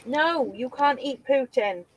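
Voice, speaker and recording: A woman's voice: high voice, lively intonation, takes it slowly, slightly rough, low-quality recording. A woman, joking in a dry, self-deprecating way during a casual live stream.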